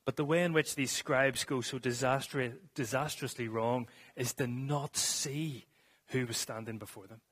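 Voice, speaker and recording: A man's voice: medium pitch, normal speed, fairly bright tone. A man preaching a sermon to a congregation in a church, reading scripture and then explaining it earnestly, with some restarts.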